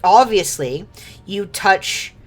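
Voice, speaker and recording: A woman's voice: medium pitch, expressive, slow pace, a little mellow, soft background music. A woman streamer chatting casually over gameplay, rambling with many filler words and frequent laughs.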